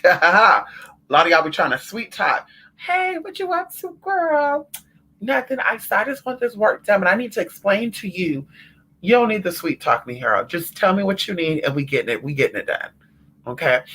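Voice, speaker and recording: Brief: man with a slightly high voice, spiritual consultant going live from home, sassy and emphatic, keeps calling his listeners honey. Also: bright, forceful tone. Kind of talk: casual livestream rant.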